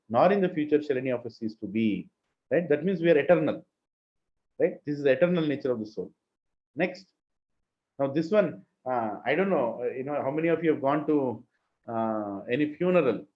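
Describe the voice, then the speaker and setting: A man with an Indian English accent teaching a scripture class, chanting Sanskrit verses and asking the class questions. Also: on the high side. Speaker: spiritual teacher. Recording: muffled lo-fi room recording.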